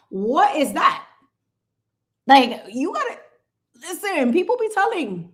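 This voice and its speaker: Speaking slowly in a high-pitched voice with frequent pauses, a channel host paints on a livestream. She stays animated and sassy, playful with lots of asides, slipping in bits of Spanish here and there.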